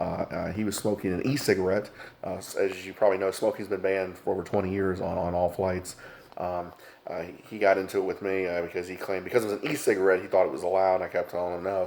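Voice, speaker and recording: Lower-voiced middle-aged guy rambling thru flight stories, lots of uh and um, keeps saying folks. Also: a little mellow, slight background noise. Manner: rambling, many fillers, addresses viewers as folks. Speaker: former flight attendant telling stories. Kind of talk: casual storytelling to camera.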